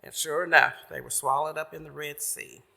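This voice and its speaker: A man telling a sermon story in a folksy, chatty way, paraphrasing as he goes. His voice is fairly high, gravelly and bright. A long church reverb hangs after his words. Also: fairly even intonation, a little fast. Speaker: church member giving the message.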